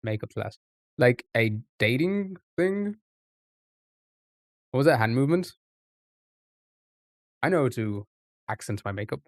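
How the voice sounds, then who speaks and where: Halting man streamer, dry close sound. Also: medium pitch, big pitch swings, no echo. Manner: halting, restarts often, muses aloud. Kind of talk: live-stream thinking aloud over a word puzzle.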